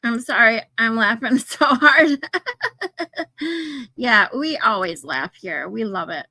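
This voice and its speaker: A woman's voice: fairly high pitch, animated, slow, bright, forceful tone, dry recording. A woman hosting a casual livestream, chatting with viewers, swearing casually and laughing often. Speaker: livestream host. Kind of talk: casual livestream chat, reading chat.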